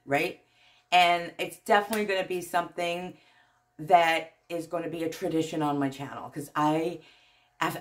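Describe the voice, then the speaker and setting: Excitable gushing woman, New Jersey accent. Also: on the low side. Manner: excitable, gushing, laughs often, trails off mid-sentence. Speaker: YouTube channel host. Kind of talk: casual vlog talk to viewers. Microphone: phone.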